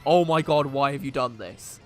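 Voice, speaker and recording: A man voicing an outraged, self-righteous male soldier from a video game, shouting complaints in a raised voice. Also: mid-range voice, moderate pace, faint music behind, close to an everyday voice.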